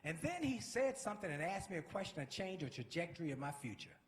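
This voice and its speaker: Man, motivational speaker, high voice, energetic preacher-style delivery, echoey room. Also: fast talker, hardly any pauses. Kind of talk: inspirational speech.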